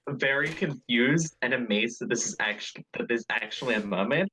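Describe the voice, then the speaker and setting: A woman's voice: rumbling low, normal speed, a bit bright, a little hiss or hum. A woman playing a tabletop game, describing what her character does. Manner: explains character actions. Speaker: player. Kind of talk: tabletop role-play chat.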